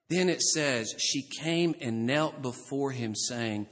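A man from Alabama with a Southern US accent preaching a sermon, telling the story with animated voices. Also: medium pitch, measured pace, hardly any pauses. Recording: reverberant hall.

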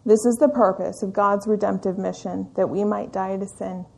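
A woman teaching a Bible study in a church meeting room, speaking in an earnest, reflective and measured way with the occasional "um". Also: mid-range voice, fairly even intonation, gravelly, dark tone.

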